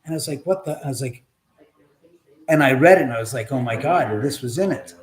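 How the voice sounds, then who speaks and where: A man's voice: mid-range voice, expressive, fast talker. A man hosting a live stream from his own house, telling a story in a chatty, casual way, acting out the voices of the people he quotes and swearing now and then.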